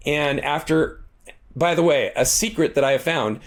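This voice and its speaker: A man being interviewed as a guest author, telling a long story in a casual, animated way with many asides and restarts. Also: moderate pace. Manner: animated, acts out quoted lines with shifting pitch; talkative, frequent restarts and asides.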